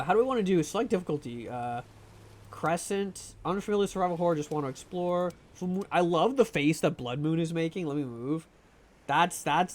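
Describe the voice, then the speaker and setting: A man streaming a game live from home at a desk mic, chatting casually with viewers, joking and laughing a lot. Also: a little high. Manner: joking, self-deprecating, laughs often. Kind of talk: casual live-stream chat while gaming. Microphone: desk microphone.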